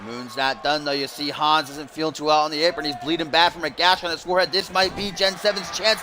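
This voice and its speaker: A young man doing mock play-by-play commentary over a wrestling video game, bursting into shouts at big moves. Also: a little high, steady tone, fast talker, few pauses. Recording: loud game crowd and noise behind. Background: loud arena crowd and game sounds.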